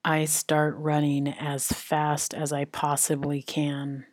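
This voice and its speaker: A woman's voice: low voice, completely flat delivery, takes it slowly, soft background music. A woman telling a first-person story in a breathless, dramatic way, swearing now and then.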